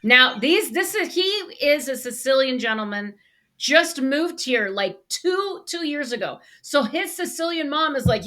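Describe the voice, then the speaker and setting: A woman's voice: sits high, normal speed. A woman co-hosting a podcast, telling a story in casual conversation and acting out the people she quotes. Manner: animated storyteller, acts out quoted voices. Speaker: podcast co-host.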